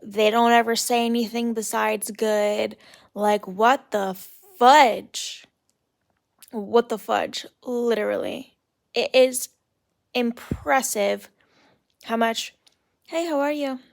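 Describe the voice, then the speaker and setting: On her podcast, a young female host rants solo and casually, leaning on fillers like "like" and "literally" and mocking others with exasperated impressions. She takes it slowly, her slightly high voice gravelly and fairly even in intonation.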